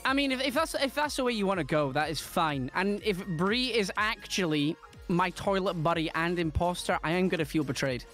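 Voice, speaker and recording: A man's voice: sits high, lively intonation, brisk, a bit bright, faint music behind. A man joking around in casual gaming chat, stammering and repeating himself.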